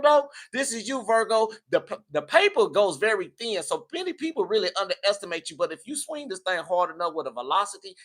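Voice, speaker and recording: Man, tarot reader, slangy preachy pep talk, higher-pitched voice. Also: a bit bright. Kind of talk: casual spiritual tarot reading.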